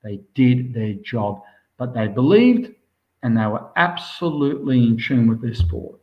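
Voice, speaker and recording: An Australian swimmer, a man with a mid-range voice, chats casually and enthusiastically in an interview, rambling at length and saying "mate" constantly. He sounds very animated but keeps a measured pace, and the audio is dull.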